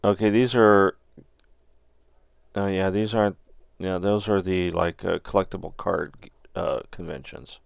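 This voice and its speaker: Male host, deep gravelly voice, loose joking chat while browsing plans. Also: steady tone, a little slow, no echo. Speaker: channel host. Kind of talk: casual chat.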